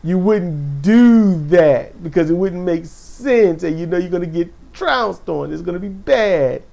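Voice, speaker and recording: A man with a gravelly voice giving a casual, animated spoken recap of a show, acting out quotes with sudden high exclamations. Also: a little slow. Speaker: wrestling show recap host.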